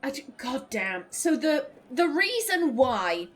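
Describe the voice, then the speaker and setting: A woman's voice: high voice, big pitch swings, slow pace. A woman commenting on a video game she is playing, ranting in exasperation and swearing freely. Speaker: let's play host. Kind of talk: gameplay commentary.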